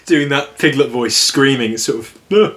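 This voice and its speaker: A man giving a relaxed storybook reading and then chatting about the story in a gentle, easygoing way with easy laughs. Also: medium pitch, unhurried.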